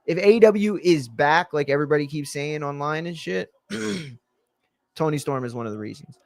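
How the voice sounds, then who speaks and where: A man's voice: on the high side, normal speed, a little mellow, no room sound. A man hosting a live watch-along stream, reacting bluntly and profanely in a casual commentary style.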